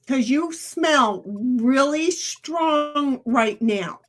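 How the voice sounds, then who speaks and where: High-pitched lady rambling on her stream, laughs a lot, chats to chat. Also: lively intonation, extremely slow. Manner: chatty, rambling, laughs often, talks back to her dog. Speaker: streamer chatting with viewers. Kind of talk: casual live-stream chat.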